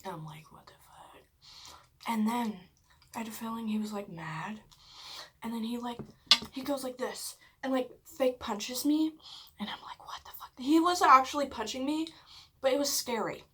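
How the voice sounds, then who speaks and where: A woman vlogger telling a story casually while eating, chatty and full of "like", swearing often and dropping into hushed whispers at dramatic moments. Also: on the high side, a little slow, pauses often, slight background noise. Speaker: mukbang vlogger.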